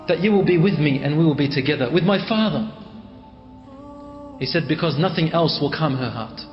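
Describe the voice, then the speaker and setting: A man's voice: fairly high pitch, lively intonation, brisk. Man preaching in a reverberant hall. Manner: retells a story in quoted speech, mixing in Arabic phrases. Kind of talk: dramatic religious storytelling. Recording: echoey hall, dull lo-fi sound, faint music.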